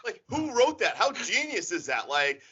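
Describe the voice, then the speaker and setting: Excitable man with lively pitch. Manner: excitable, quick reactions. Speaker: podcast co-host. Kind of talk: casual chat. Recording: muffled audio with background noise.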